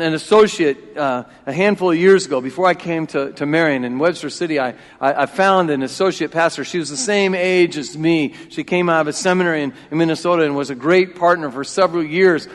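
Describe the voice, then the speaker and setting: A man in his forties preaching a sermon as pastor, emphatic and repeating key phrases, swinging between loud and hushed. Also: on the high side. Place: church sanctuary. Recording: long reverb of a church hall.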